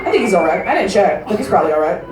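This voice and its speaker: A woman's voice: mid-range voice, very fast, recorded from a distance, crowd noise, noisy background. Brash woman comic in a roomy showroom. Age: 30s. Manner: brash, crude, deadpan punchlines. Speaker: stand-up comedian. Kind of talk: stand-up comedy set. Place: large casino showroom with live audience. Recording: roomy live-venue recording from afar.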